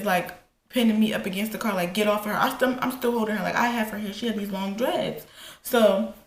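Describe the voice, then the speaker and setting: A woman vlogger casually telling a personal story while getting ready, animated and profane, acting out quotes. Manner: animated, profane, retells quotes with rising pitch. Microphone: camera in front. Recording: echoey room with faint ambience.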